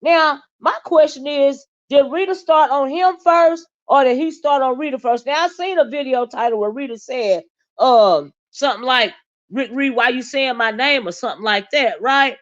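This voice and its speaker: A woman's voice: sits high, moderate pace, lo-fi sound. A woman hosting a livestream, giving casual commentary in a sassy, blunt way, drawling with asides to her chat and speaking.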